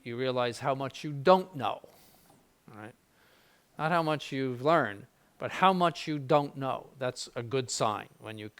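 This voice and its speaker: Speaking to seminarians in an informal spiritual conference, an older bishop has a clear, resonant, mid-range voice with a fairly bright tone. His talk is conversational, with repeated words, frequent restarts, mild humor, and dry irony.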